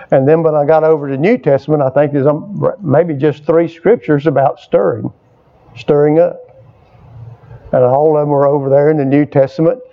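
Older male pastor with a high-pitched voice in a church sermon. He talks call-and-response, drawing amens from the room and hammering phrases again and again. It is a dull, lo-fi recording. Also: gravelly. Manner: call-and-response preaching, prompting the congregation for amens; repetitive, emphatic phrasing. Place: church service with a responding congregation.

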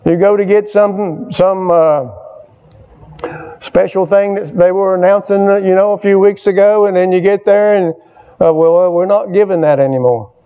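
With a clean, high-sitting voice showing little pitch movement, an older pastor preaches at normal speed to a congregation that answers back. He draws out amens and restates his points emphatically; the recording sounds dull and lo-fi.

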